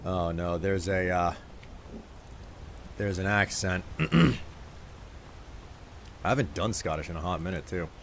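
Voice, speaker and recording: A man's voice: low-pitched, slow pace, gravelly, long pauses, slight background noise. A man streaming live, chatting casually and joking while he thanks viewers.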